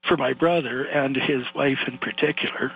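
An older Canadian man phones in to a radio show, spinning a long rambling story with animated bursts. His voice is husky. It comes through a muffled phone line. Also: mid-range voice, normal speed, faint music behind. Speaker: caller.

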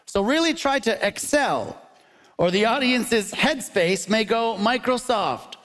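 A man hosting a live comedy debate show on a theatre stage, quick and quippy, laughing between his lines. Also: very high voice, lively intonation, a bit bright, long reverb tail. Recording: live audience laughter and ambience.

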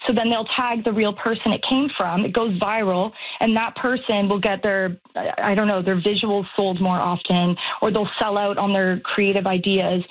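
A woman calling in to a radio talk show, speaking casually and animatedly, with quick restarts. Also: mid-range voice, steady tone, narrow, tinny audio. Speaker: caller. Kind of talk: radio call-in.

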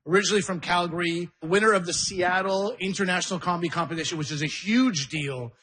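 A man's voice: sits high, quick pace, fairly bright tone, husky. A man hosting a comedy show, hyping up the crowd as he brings the next comedian to the stage. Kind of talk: introducing a comedian.

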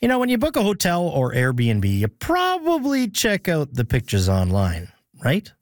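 A man's voice: a little high, huge pitch swings, normal speed, no room sound, clean studio sound. A male radio host chatting casually on air, playful and bantering with listeners.

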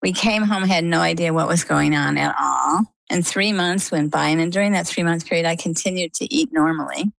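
A woman from Maine, an interview guest, telling a personal story with lively storytelling and acted-out dialogue. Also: lowish voice, fairly quick, vocal fry, hardly any pauses, dry recording, poor audio. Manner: animated storytelling, acts out quoted dialogue.

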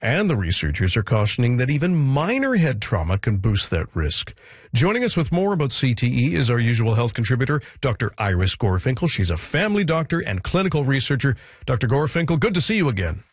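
A middle-aged man hosting a live radio show, introducing segments and guests in a relaxed conversational way. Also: mid-range voice, fairly quick, slightly rough, dry recording.

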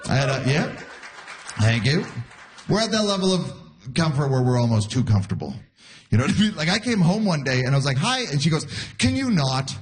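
A man's voice: a little high, sing-song, a little fast, a little hiss or hum. A man in his forties doing a stand-up comedy set, acting out quoted voices and laughing at his own jokes. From Canada. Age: 40s. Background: audience laughter.

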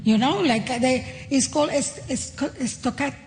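A woman's voice: sits high, moderate pace, a little mellow. A woman comedian on a live panel, speaking hesitantly and searching for her words. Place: large hall with a live audience. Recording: long hall reverb.

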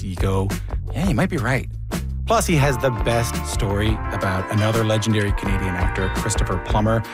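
A man hosting a public radio interview show, asking questions and previewing segments in a conversational, lightly joking way. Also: medium pitch. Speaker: radio host.

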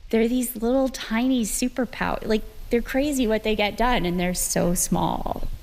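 A woman's voice: fairly high pitch, normal speed, a little mellow, slight background noise. A woman rancher speaking earnestly and from the heart in an interview.

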